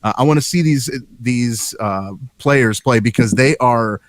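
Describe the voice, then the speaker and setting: A man's voice: mid-range voice, unhurried, no echo. A man co-hosting a casual live-stream chat about games, rambling with lots of "uh" fillers and restarts. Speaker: show co-host.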